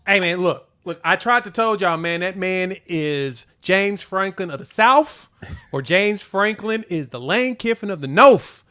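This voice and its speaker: A man co-hosting a sports podcast, telling stories and joking in an animated way. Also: high voice, a little slow, clean tone. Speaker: podcast co-host. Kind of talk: casual sports chat.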